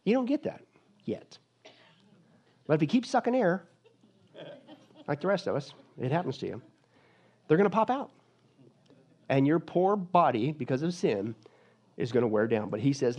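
A male pastor preaching a sermon in a lively, joking manner, swinging from loud to hushed. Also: medium pitch, moderate pace, long pauses.

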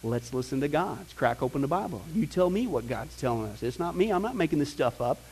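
Middle-aged pastor guy, high voice, animated preaching, talks right to the crowd. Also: fairly quick, a little hiss or hum. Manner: animated, conversational preaching with asides and mock voices. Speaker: pastor teaching a Bible class. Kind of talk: sermon.

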